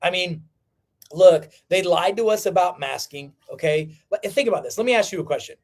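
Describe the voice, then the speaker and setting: Male livestream host, higher register, impassioned and preachy, repetition for emphasis. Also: normal speed. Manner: fiery, preachy, repeats lines for emphasis.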